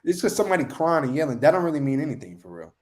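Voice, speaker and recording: A man's voice: a little high, sing-song, very fast, darkish tone. A man leading a street-style scripture lesson, emphatic and slangy, with repeated catchphrases. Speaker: lead street teacher.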